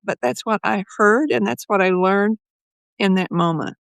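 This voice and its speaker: A woman's voice: medium pitch, moderate pace, creaky, no echo. A woman psychologist speaks as a guest on an interview podcast. She tells her stories with animation and often acts out her own inner voice in quotes. The recording is dry and close, with little room sound.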